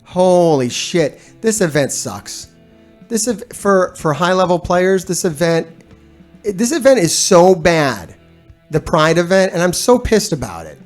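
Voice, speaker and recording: A man's voice: high-pitched, very animated, a little slow, soft background music. Blunt, profane male streamer ranting. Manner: profane, blunt and exasperated, with frequent laughs; rambling with restarts and fillers. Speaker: gaming streamer and video host. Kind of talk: casual ranting commentary to a live chat.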